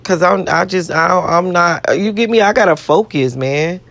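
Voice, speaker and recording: A woman's voice: lowish voice, moderate pace, a bit bright, no room sound. Woman, vlogger, profane, rambling, boastful, dry close sound. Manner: brash, profane, rambling and repetitive; boastful, self-adoring. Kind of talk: casual self-talk to camera.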